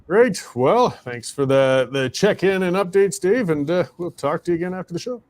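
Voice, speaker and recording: A man's voice: expressive, normal speed, darkish tone, no room sound. A Canadian man hosting an opinionated talk show, speaking conversationally and growing heated as he argues. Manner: conversational, heated and rising in pitch when arguing. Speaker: show host.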